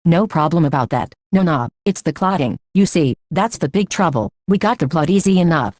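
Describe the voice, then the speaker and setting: A cheeky male prisoner talks in a chatty, cocky way in a storybook reading, read by a woman. The voice sits low, and the sound is dry and close. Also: expressive, brisk, a little mellow, no echo.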